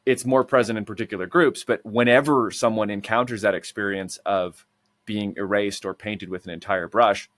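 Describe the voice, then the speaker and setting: A man hosting a podcast, talking in a measured and articulate way with careful qualifications. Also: fairly low pitch, steady tone, a bit bright, no room sound. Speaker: podcast host. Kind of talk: casual conversational interview.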